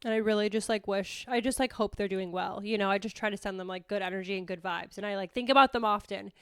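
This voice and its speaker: A woman's voice: mid-range voice, fairly even intonation, quick pace, a bit bright, clear, resonant tone, no room sound, clean studio sound. A woman in her thirties hosting a podcast, talking candidly and casually, full of "like" fillers, swearing freely and poking fun at herself. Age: 30s. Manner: chatty, frequent "like" fillers, swears freely, self-mocking. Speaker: podcast host.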